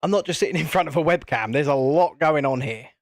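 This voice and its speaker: A man's voice: fairly high pitch, fast talker, no room sound, studio quality. A man with a British accent hosting a live stream, chatting casually and rambling while he builds at his desk. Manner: chatty, rambling, reads viewer comments aloud. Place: home streaming setup with lights and cameras. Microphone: desk mic at a streaming setup.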